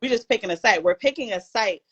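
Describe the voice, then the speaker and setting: A woman's voice: a little high, lively intonation, fast, slightly rough, muffled recording. Hyped Brooklyn-born woman co-host. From Brooklyn, New York. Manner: hyped, playful bragging. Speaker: podcast co-host. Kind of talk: casual live-stream chat.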